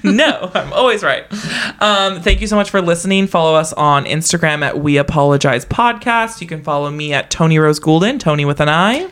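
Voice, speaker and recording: A woman's voice: deep voice, animated, fairly bright tone. Chatty young woman podcast co-host. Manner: chatty, laughs often, quick asides. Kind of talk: casual chat.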